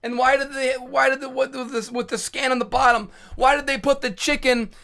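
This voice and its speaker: Man vlogger, very high gravelly voice, profane shouty rant with flustered restarts. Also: level tone, fairly quick. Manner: profane, exasperated, frequently shouting; stammering restarts when flustered. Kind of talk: ranting storytime monologue.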